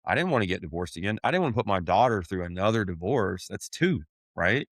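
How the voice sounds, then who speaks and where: A man's voice: deep voice, sing-song, fast talker, no room sound. A man telling his own story on a podcast, candid and blunt, swearing casually and calling people "man.". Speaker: podcast host sharing his testimony.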